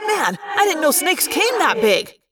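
A woman's voice: high-pitched, sing-song, unhurried, far from the mic, noisy background, pitched above the performer's own voice. A woman reading a story aloud and voicing a sarcastic, wisecracking teenage boy who snaps back. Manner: snappy, sarcastic.

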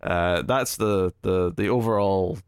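A man hosting a casual movie podcast, chatty and animated, often laughing. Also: sits low, unhurried, smooth, no room sound, clean studio sound. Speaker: podcast host.

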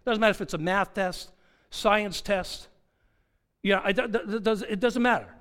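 Man, preacher, sermon, personal story, raised voice then hushed, slightly high pitch. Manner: personal storytelling with swings from quiet to loud; repeats key phrases slowly for emphasis.

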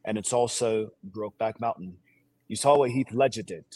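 A man's voice: lowish voice, normal speed, mellow, no echo. A man from Sierra Leone speaking with a put-on English accent, an actor talking energetically and boastfully as a guest co-host. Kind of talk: casual interview chat.

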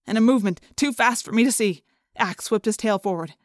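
A woman's voice: a little high, quick pace, hardly any pauses, no room sound, clean studio sound. Woman narrating a tense audiobook. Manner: tense first-person storytelling. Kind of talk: scripted narration.

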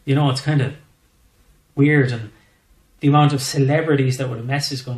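An Irish man in a casual interview chat, swearing freely and telling animated stories. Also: medium pitch, a little fast, long pauses, echoey room, rough recording. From Ireland. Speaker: guest comedian.

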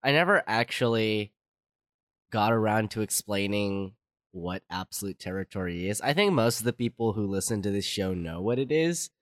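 A man co-hosting a podcast while sick, joking in a dry, deadpan way. His pitch swings widely as he explains and banters, recorded close and dry. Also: moderate pace, no room sound. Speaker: podcast co-host. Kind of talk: casual chat.

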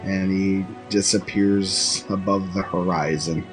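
A man's voice: deep voice, fairly even intonation, slow. A man narrating as game master in a loose, jokey way, with faint music behind. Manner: loose, jokey, restarts often.

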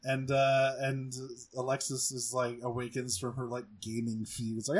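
A man's voice: medium pitch, monotone, moderate pace, few pauses, breathy edge. A man chatting casually on a podcast and recapping a cartoon. His delivery is loose and jokey, with plenty of swearing. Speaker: podcast co-host. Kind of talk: casual chat.

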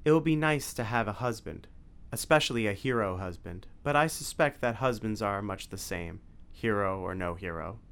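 A gentle young woman with a kind, lightly wry way of speaking, as a man reading a story puts her on. She sounds soft and unhurried. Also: fairly low pitch, clear, resonant tone.

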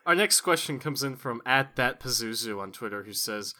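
A man's voice: medium pitch, lively intonation, moderate pace, bright, forceful tone. A man co-hosting a podcast, reading out listener questions and riffing in casual, profane, joking chat. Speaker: podcast co-host.

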